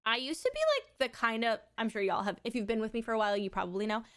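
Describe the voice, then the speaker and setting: Woman streamer, loose rambling chat, curses freely, a touch high-pitched. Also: racing, fairly bright tone. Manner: rambling, chatty, swears freely. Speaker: live streamer. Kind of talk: casual chat.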